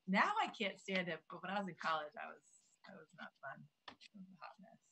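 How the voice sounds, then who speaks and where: A woman's voice: fairly low pitch, fast, vocal fry, pushed and bright, a little hiss or hum. A woman co-hosting a podcast in casual chat, talkative and self-deprecating, often restarting her sentences. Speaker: podcast co-host.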